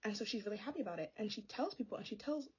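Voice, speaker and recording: A woman's voice: mid-range voice, animated, rapid-fire, husky, lo-fi sound. A young woman ranting about a book in a sassy, exasperated, casual vlog style. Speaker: book vlogger. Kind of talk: casual chatty book review.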